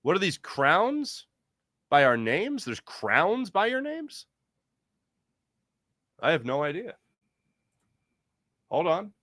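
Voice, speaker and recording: A man's voice: high voice, slow, long pauses, no room sound, clean studio sound. A man hosting a casual sports podcast livestream and reading out the chat with jokey, rambling energy. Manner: animated, jokey, rambling with restarts.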